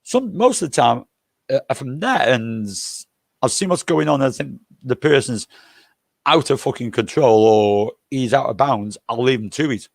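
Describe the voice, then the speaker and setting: An older man talks in a gravelly, mid-pitched voice, spinning loose, jokey travel stories peppered with swearing. The sound is dry and close, with no room behind him. He rambles casually, circling back on his own points. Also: expressive, moderate pace, dry recording. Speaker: livestream host.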